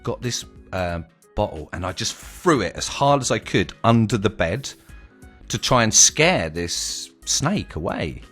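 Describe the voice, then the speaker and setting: A young man casually telling a personal story, animated and vivid, swearing freely. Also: fairly low pitch, a little slow, breathy edge, soft background music.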